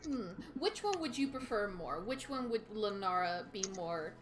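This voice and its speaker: A woman narrating a tabletop game as game master, unhurried and quick to laugh. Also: mid-range voice, very animated.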